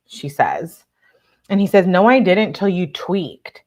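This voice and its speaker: Young adult woman, low-ish voice, casual commentator reading messages aloud with blunt asides. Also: lively intonation, a little slow, a little mellow.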